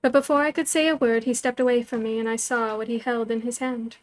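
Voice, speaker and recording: A woman with a fairly high voice reads a novel aloud, narrating in the first person. Her delivery is measured and level, and soft music plays in the background. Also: steady tone. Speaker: storyteller.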